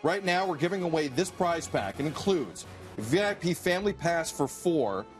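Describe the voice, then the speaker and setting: A man's voice: a little high, expressive, moderate pace, faint music behind. A man in his twenties co-hosting a morning show, joking in wry banter. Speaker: co-host.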